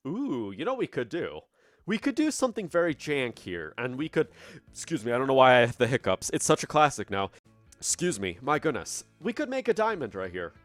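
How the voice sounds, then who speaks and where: Lively man musing over a game. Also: fairly high pitch, no echo. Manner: thinking aloud, puzzled, self-correcting. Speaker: gameplay commentator. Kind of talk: casual gameplay commentary. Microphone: studio dynamic microphone.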